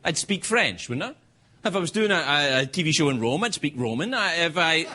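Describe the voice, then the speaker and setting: A Scottish man hosting a late-night show, telling self-mocking stories in a stand-up monologue. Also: moderate pace. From Scotland. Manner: animated, self-mocking storytelling with sudden high-pitched bursts. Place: television studio with live audience.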